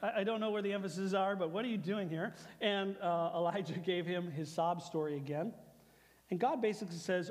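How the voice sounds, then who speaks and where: A high-pitched man preaches briskly in a large hall, giving a conversational sermon as pastor. He repeats phrases for emphasis and voices God's lines softly.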